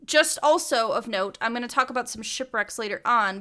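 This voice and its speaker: A woman's voice: a little high, brisk, bright, forceful tone. A young woman co-hosting a casual research podcast, chatty with laughing asides and many fillers. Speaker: podcast co-host.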